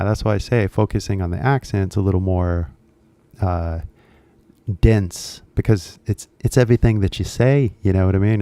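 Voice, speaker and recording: A man's voice: on the low side, dark tone, no room sound. A man with an American accent hosting a casual question-and-answer chat, rambling with lots of fillers. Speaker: host.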